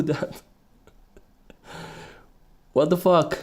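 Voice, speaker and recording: Young guy rambling on his own podcast, swears a ton, mellow dark voice, laughs at himself. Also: medium pitch, fairly even intonation, measured pace. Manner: profane, meandering, laughs at himself. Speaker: podcast host. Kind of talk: casual solo podcast rambling.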